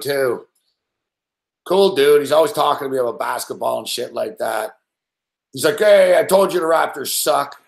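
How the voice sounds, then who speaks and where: A man with a slightly high voice hosts a late-night sports betting show. He rambles through stories in a casual, swearing rant. The sound bounces around an echoey room. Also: creaky. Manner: profane, rambling storytelling.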